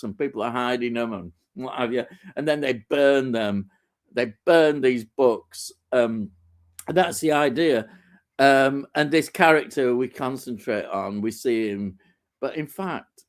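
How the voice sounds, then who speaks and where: A man hosting a live stream, chatting casually and enthusiastically about films, with lots of fillers and restarts. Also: mid-range voice.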